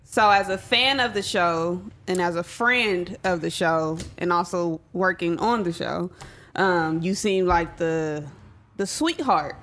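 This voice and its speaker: A woman hosting a casual interview chat, asking relaxed questions. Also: on the low side, slow pace. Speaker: host.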